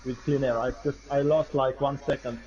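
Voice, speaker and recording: A man's voice: mid-range voice, steady tone, dark tone. Race driver guy over a muffled voice chat, bit of hiss, stop-start answers. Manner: halting, stop-start phrasing. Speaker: racing driver interviewed. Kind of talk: post-race interview.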